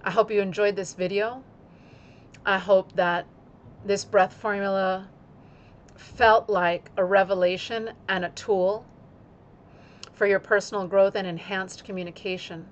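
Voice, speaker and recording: A woman yoga teacher speaking in an instructional video, using slow, deliberate phrasing timed to her breath. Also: mid-range voice, steady tone, muffled recording.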